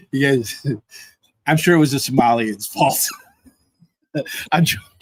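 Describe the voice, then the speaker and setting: A man's voice: medium pitch, slow, dry recording. Giggly, laid-back male livestream host. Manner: giggly, easygoing, keeps laughing between words. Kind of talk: casual livestream chat.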